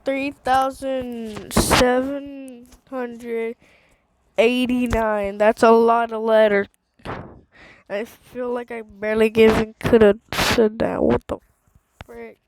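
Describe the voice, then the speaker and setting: Woman, high voice, slow delivery, giggly gaming streamer on a handheld mic. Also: noisy background. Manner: giggly, excitable, laughs a lot. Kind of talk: casual gameplay chatter. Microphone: handheld microphone.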